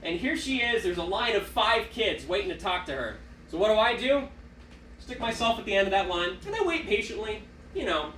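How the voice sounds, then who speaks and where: A young man tells animated, self-deprecating stories in a stand-up set, his pitch bouncing all over. He sounds set back from the mic in a roomy theater with a faint hum behind him. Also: brisk, recorded from a distance. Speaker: stand-up comedian. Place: small theater stage.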